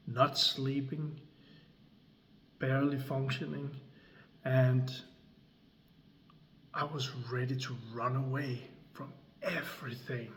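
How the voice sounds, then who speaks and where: A man, telling a personal story slowly and deliberately, with long pauses between phrases. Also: mid-range voice, fairly bright tone, slight background noise. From Denmark. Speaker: creator and coach. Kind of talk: slow dramatic storytelling.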